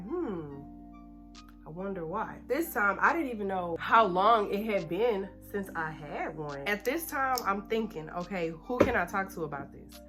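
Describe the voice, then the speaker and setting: Woman in her twenties, casual storytime while doing makeup, lively and talkative, soft music playing. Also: mid-range voice. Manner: animated, chatty storytelling; talks fast when nervous. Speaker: beauty vlogger.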